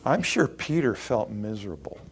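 A man preaching a sermon, expressive and acting out the people he quotes. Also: on the low side, normal speed, slight background noise. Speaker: pastor.

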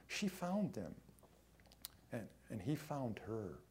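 A man preaching a sermon, emphatic, swinging between loud lines and hushed ones, drawing some phrases out. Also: medium pitch, very animated, takes it slowly, slightly rough. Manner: acts out quoted voices in his own voice.

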